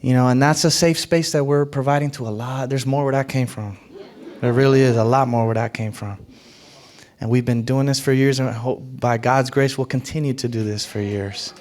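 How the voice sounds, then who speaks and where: A pastor preaching a sermon, emphatic, repeating phrases and rising sharply on key points. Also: male voice, mid-range voice, steady tone, normal speed, darkish tone.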